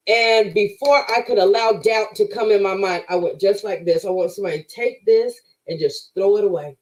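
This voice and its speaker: An emphatic woman with a preacherly way of talking tells her faith testimony as a podcast guest. Her voice sits at an ordinary middle pitch, and she keeps addressing her listeners directly as she talks. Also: low-quality recording.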